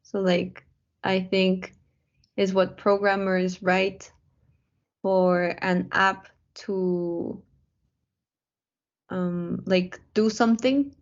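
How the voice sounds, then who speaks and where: A woman's voice: medium pitch, steady tone, extremely slow, pauses often, lo-fi sound. A woman answering questions in an English class, hesitant and searching for words. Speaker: student.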